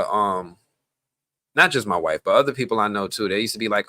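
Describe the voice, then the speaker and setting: A Bronx, New York live-stream host talks fairly quickly in a voice on the low side, with no room sound. He chats casually and with animation, rambling and straying into tangents.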